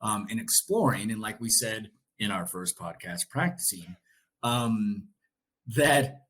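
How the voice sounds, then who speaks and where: A man's voice: fairly low pitch, takes it slowly, a bit bright, poor audio. A man in his late forties hosting a podcast, chatting casually and animatedly, swearing and laughing freely. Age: late 40s. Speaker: podcast host.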